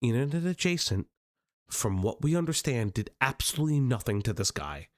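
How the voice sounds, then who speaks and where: A man's voice: medium pitch, sing-song, brisk. A man hosting a commentary stream, telling a story in casual chat, laughing often mid-sentence and swearing a lot. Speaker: stream host.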